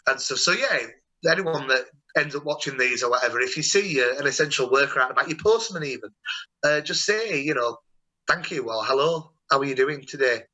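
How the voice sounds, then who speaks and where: A young man hosting a relaxed call, telling stories in a rambling, chatty way with plenty of restarts. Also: medium pitch, fairly quick, poor audio. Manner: chatty, rambling, warm storytelling with many restarts. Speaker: host. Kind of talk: casual video-call chat.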